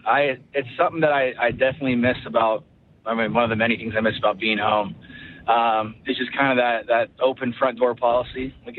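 A man in his thirties from Ohio talks easily as a radio guest, loose and rambling, full of "uh"s and restarts. His voice sits at an ordinary middle pitch. The sound is thin and tinny like a phone line, with a faint hiss underneath. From Ohio, USA. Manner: relaxed, rambling with many fillers and restarts. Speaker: guest, pro football quarterback. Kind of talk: casual interview chat.

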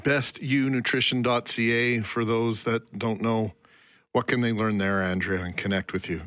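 Measured male host, dry studio sound. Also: medium pitch, steady tone, a bit bright, no echo. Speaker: news show host. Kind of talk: broadcast interview.

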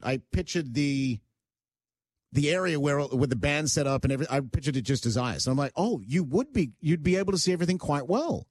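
A man hosting a radio show, chatting casually and telling animated stories with frequent restarts. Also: mid-range voice, no echo, studio quality. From Australia. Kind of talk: casual studio banter.

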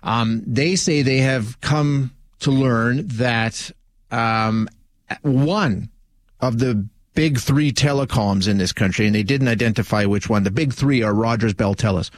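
Man, radio host, casual monologue, restarts and fillers, mid pitch, dry studio sound. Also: unhurried, dry recording. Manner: conversational, many restarts and fillers. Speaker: radio talk show host.

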